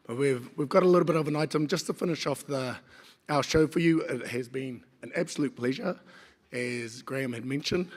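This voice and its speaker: A man's voice: medium pitch, brisk, some chatter behind, slight background noise. New Zealand man announcing in a big hall. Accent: New Zealand English. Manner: friendly, loose, thanking the audience. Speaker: cultural performance group leader. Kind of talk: announcing items to a live audience. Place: conference hall with audience. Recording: reverberant hall, audience murmur.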